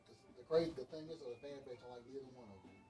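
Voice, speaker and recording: A man's voice: medium pitch, lively intonation, rapid-fire, music in the background. A man talking football in a rambling, hesitant way full of ums, in a casual chat.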